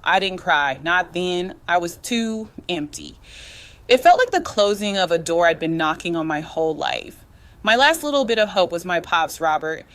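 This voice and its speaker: A woman's voice: lowish voice, big pitch swings, normal speed, a bit bright. Bold-voiced woman telling her own story. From United States. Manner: slangy, confiding, talks straight to the listener. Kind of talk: first-person dramatic storytelling.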